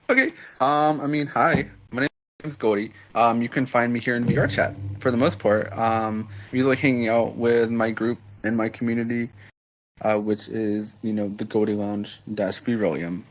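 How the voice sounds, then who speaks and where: A man's voice: medium pitch, steady tone, moderate pace, a little hiss or hum, low-quality recording. Young man, podcast guest, cheerful, easy laughter, casual chat. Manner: cheerful, laughs often, many ums. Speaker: podcast guest, community founder.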